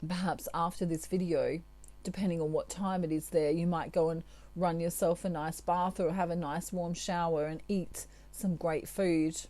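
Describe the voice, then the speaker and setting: A woman, a tarot reader, giving spiritual advice to her viewers in a chatty, gentle way with asides. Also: fairly low pitch, fairly even intonation, normal speed.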